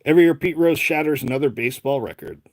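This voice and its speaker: A man's voice: on the high side, quick pace, darkish tone, no room sound. Chatty Boston man on a live stream. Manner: chatty, rambling, calls out names as he goes. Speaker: live-stream host opening card packs. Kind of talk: casual live-stream chat.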